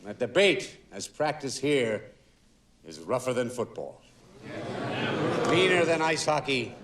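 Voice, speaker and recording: A man's voice: mid-range voice, expressive, slow. A middle-aged actor playing a showman male debate coach rousing a crowd with a declaimed speech. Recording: distant mic, loud crowd and noise.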